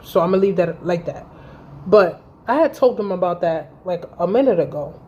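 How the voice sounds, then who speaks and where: A woman around thirty telling a story to camera in a vlog, blunt and animated, with heavy swearing. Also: lowish voice, moderate pace, lo-fi sound. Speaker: vlogger. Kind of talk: storytime vlog, recounting a fight.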